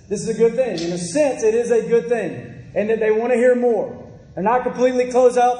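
A high-voiced man preaches a sermon, pressing his points home and repeating key phrases to the congregation. His tone is mellow and warm rather than sharp. The sound carries the long, echoing reverb of a big hall. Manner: emphatic, repeats phrases, addresses the congregation directly. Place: church hall.

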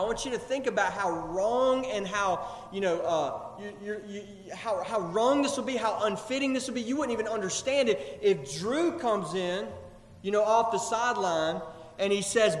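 A male pastor preaching a sermon in a church, animated, acting out quoted voices as he goes. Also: sits high, echoey room, in a large hall. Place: church sanctuary.

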